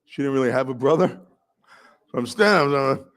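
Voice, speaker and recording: Telling a story from his own life, a middle-aged New York City man gets vivid and animated, mimicking other voices and bursting out in shouts. His voice is medium-pitched and brisk, and he pauses often.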